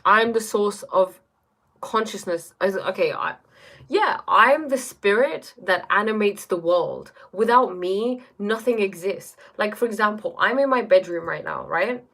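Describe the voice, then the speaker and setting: A woman's voice: medium pitch, animated, measured pace, creaky, a bit bright. A woman hosting a casual live stream from her bedroom, reading chat aloud and musing reflectively, often checking in with "right?" and "you know?". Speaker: livestream host reading chat.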